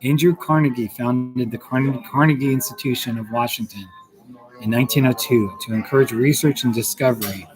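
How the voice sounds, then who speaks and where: A man's voice: mid-range voice, a little fast, music in the background, poor audio. A man hosting a casual stream, reading aloud from a book and breaking off to comment on the pictures and laugh. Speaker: host. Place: coffee shop. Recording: busy café with crowd chatter. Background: crowd chatter.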